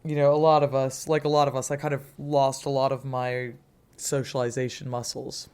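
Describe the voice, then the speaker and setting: A man's voice: medium pitch, level tone, moderate pace, a little mellow, clear, resonant tone. A man in his forties, co-hosting a podcast in casual, rambling chat with offhand swearing. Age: 40s. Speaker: podcast co-host.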